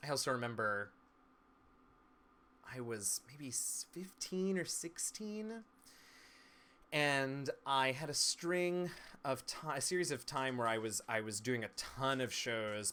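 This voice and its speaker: A man from East Tennessee, a streamer and game master, in a casual live-stream chat, talking with crisp, trained stage diction in a chatty, playful way. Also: mid-range voice, sharp tone, slight background noise. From Southern United States, East Tennessee. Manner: chatty and playful, laughs easily.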